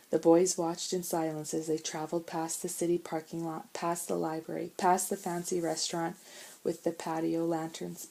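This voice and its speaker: A woman reads a children's storybook aloud in a calm, measured voice. Her tone is mellow and warm, and her pitch sits on the low side. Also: vocal fry, poor audio. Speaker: audiobook narrator. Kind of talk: storybook narration.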